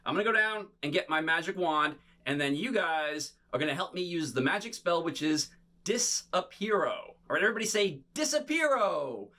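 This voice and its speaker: A man performing a bubble show for children, talking to them in playful, animated patter. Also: a little high, a little fast. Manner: animated, playful, talks straight to kids.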